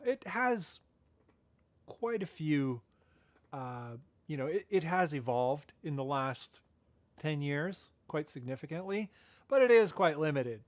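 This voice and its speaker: A man hosts a casual live podcast, talking loosely with plenty of ums and restarts. His voice sits a little high. The sound is close and dry. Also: no echo. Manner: rambling, chatty, frequent fillers and self-corrections; laughs at his own asides. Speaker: podcast host.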